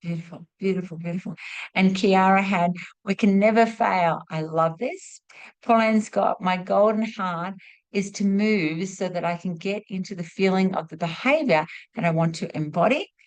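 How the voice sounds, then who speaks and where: Female teacher hosting a class on a video call, warm and encouraging. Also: medium pitch, normal speed. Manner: warm, repeats praise words in threes. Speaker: host and spiritual teacher. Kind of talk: live online class, leading a sharing round.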